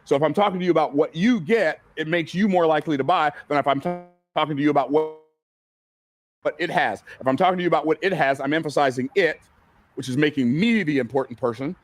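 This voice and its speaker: A man's voice: a little high, fast talker, faint music behind. A man teaching from a stage in a seminar style, emphatic and repetitive, asking the audience questions. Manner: emphatic, repeats key phrases, asks the audience questions. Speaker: business coach speaking on stage. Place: event room with a live audience.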